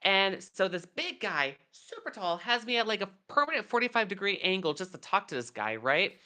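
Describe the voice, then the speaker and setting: Woman in her thirties, podcast co-host, rambling anecdotes, bright smooth tone. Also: medium pitch, big pitch swings, normal speed. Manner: rambling storyteller, many fillers. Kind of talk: casual chat.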